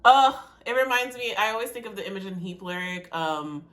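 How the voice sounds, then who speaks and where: A woman's voice: medium pitch, lively intonation, fairly quick, bright, forceful tone. A woman poet reacting to a song in a casual video, emotional and repeating her phrases.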